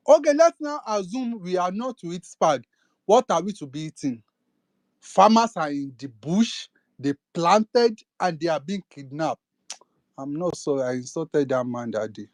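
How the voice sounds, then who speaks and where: A young Nigerian man speaks with a Nigerian accent in a slightly high voice, ranting with indignation and piling up rhetorical questions. The sound is close and dry, with no room around it. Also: lively intonation, measured pace, darkish tone, dry recording. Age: young adult. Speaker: speaker in an online audio space. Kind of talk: impassioned political rant.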